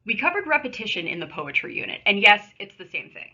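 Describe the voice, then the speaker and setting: Woman teacher with a bright, husky voice. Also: mid-range voice, sing-song, fast talker, dull audio. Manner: conversational, explains patiently with asides. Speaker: high school English teacher. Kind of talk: recorded remote lesson with screen share.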